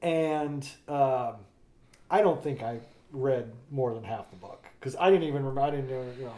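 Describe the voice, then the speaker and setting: A man co-hosting a podcast, reminiscing casually as an animated storyteller who sometimes bursts into loud theatrical recitation. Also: medium pitch, normal speed. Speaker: podcast co-host. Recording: echoey room with faint noise.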